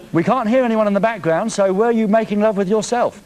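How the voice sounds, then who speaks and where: A man hosting a live TV show from a studio, teasing a caller in a cheeky way. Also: sits high. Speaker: TV presenter. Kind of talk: live TV banter.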